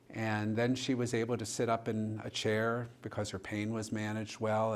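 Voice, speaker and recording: A male pastor telling a story in a church discussion, vivid and animated, acting out the dialogue he quotes. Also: fairly low pitch.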